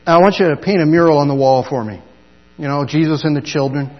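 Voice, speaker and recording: A man's voice: on the high side, fast talker, lo-fi sound, close to an everyday voice. Man quoting a persistent church woman, pleading, in a reverberant hall. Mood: insistent. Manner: pleading, insistent.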